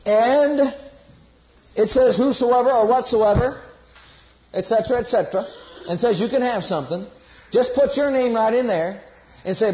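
High-voiced emphatic male preacher. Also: expressive, moderate pace. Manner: emphatic, repeats key phrases, leads congregation call-and-response. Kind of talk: sermon. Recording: dull lo-fi sermon recording.

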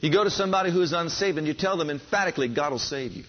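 A man's voice: fairly high pitch, rapid-fire. A man preaching a sermon, fervent and building enthusiasm, calling on his listeners to respond. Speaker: pastor. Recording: dull lo-fi sound.

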